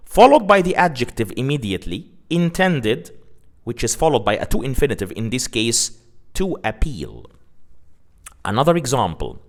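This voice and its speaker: A man teaching an English grammar lesson, repeating example sentences slowly and stressing key words. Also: mid-range voice. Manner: slow, deliberate, repeats examples with heavy emphasis.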